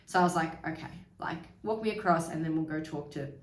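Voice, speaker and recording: A woman's voice: low-pitched, fast talker, far from the mic. A young woman hosting a podcast, candidly telling a personal story in a chatty way, swearing freely and acting out the people she quotes. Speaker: podcast host. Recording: roomy, from away from the mic.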